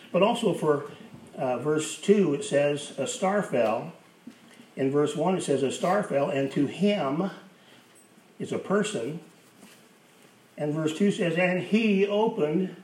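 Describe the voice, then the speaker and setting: A man's voice: on the high side, a little mellow. A man preaching a sermon as pastor, emphatic, repeating key phrases for effect. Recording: roomy, distant mic with faint hiss.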